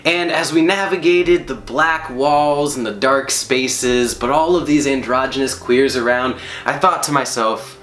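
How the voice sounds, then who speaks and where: A man telling a personal story to an audience in an animated, comic way, leaning on emphatic repetitions. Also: mid-range voice, unhurried, hardly any pauses. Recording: echoey room.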